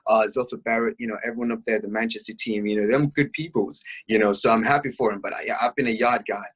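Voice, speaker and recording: Chatty young man with husky voice. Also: lowish voice, fast talker, rough recording. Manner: chatty, many fillers, excited. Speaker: boxing podcast co-host. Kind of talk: casual chat.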